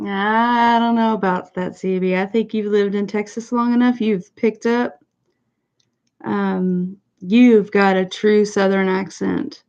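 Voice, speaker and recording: A woman hosts a casual livestream, answering her viewers one by one in a relaxed, chatty way. Her voice sits at a middling pitch. The recording is a little muffled and lo-fi. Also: takes it slowly. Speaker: livestream host. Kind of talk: casual chat.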